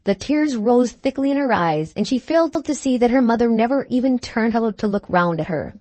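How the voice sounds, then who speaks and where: Female audiobook narrator, measured reading, dry close sound. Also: fairly high pitch, expressive, warm tone, dry recording. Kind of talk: scripted narration of a Victorian novel.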